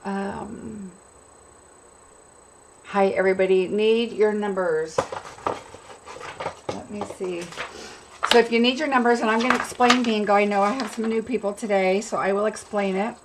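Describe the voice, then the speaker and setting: An upbeat woman from California chats casually as she hosts a craft live stream, greeting viewers one by one. She has a cold, and a cough breaks through her voice now and then. Her voice sits at an ordinary middle pitch for a woman. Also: fairly even intonation, moderate pace, background noise. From California, USA. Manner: chatty and upbeat, greets and answers viewers by name.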